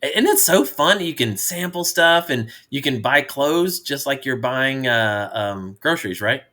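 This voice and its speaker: In an animated, bright, somewhat forced mid-range voice, a middle-aged dad speaks unhurriedly while co-hosting a laid-back podcast with his daughter. His stories ramble cheerfully, and he keeps starting lines over.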